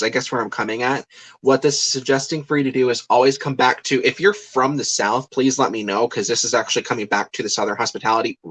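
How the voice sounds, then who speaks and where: A man's voice: mid-range voice, fairly bright tone, rough recording. A young man in his twenties, a psychic medium, giving a rambling live card reading full of fillers and restarts. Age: 20s.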